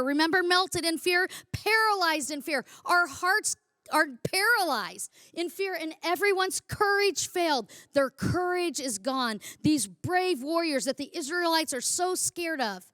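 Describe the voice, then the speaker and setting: Woman preacher, high voice, dry close sound, emphatic and repetitive sermon delivery. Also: animated, unhurried, sharp tone, no echo. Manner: emphatic, repeats phrases for effect.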